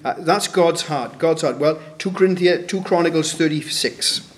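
A man with a somewhat high voice preaches a sermon at a moderate pace, keeping it conversational. He poses rhetorical questions and performs the voices of those he quotes, and the room echoes.

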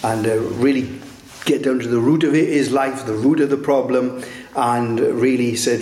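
A man's voice: mid-range voice, fairly even intonation, a little mellow, a little hiss or hum. Guy preaching a sermon, keeps restarting his sentences, lots of "isn't it?", echoey room. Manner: halting, many restarts and tag questions.

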